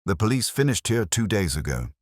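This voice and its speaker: A man's voice: fairly low pitch, very animated, brisk, no echo, studio quality, voice pushed up. A man voicing a tense male company vice president with accented, stiffly formal English. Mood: guarded.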